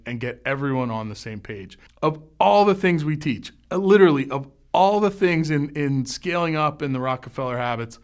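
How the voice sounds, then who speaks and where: A man gives an earnest, emphatic business talk in a video clip. His voice sounds smooth and clear, at an ordinary pitch for a man. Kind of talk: presentation talk.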